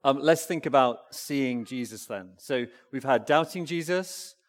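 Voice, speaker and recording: A man giving a family-friendly sermon, asking the congregation questions and talking back and forth with them in a lively way. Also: medium pitch, measured pace. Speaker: preacher. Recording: long hall reverb.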